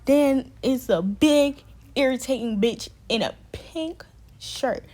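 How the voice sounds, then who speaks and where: A woman's voice: high-pitched, unhurried, a little mellow. A young woman telling a storytime vlog in a heated, profane way. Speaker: vlogger.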